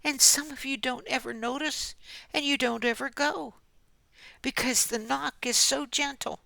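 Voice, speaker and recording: Slow, gravelly older woman, gently preaching. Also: sits high, steady tone, no echo. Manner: gentle, often drops to a whisper; earnest, with soft laughs. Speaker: Christian speaker. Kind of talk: devotional message.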